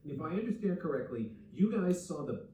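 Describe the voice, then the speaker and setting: Lively-voiced man hosting a stage interview. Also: on the high side, fairly quick. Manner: eager, stumbles into questions. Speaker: interview host. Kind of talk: live onstage interview. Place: theater stage before an audience. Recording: echoey hall, distant mic, faint noise.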